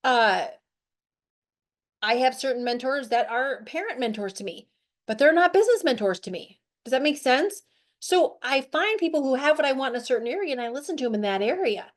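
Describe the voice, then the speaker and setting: A middle-aged woman with a high voice leads a motivational group talk as the host of a weight-loss show. She speaks in an animated, chatty way, full of "like" and "right?" as she checks in with her listeners. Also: fairly quick.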